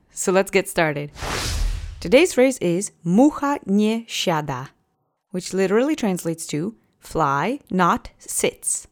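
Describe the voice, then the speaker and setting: A woman hosting a language podcast, teaching phrases with patient, clear pronunciation drills. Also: mid-range voice, a little mellow. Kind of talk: scripted language lesson.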